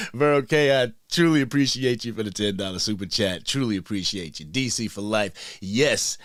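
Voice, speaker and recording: A man hosting a sports fan livestream in a casual, hyped way, shouting out people in the chat. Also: lowish voice, no room sound, studio quality. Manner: hyped, shout-outs to chat, frequent slang.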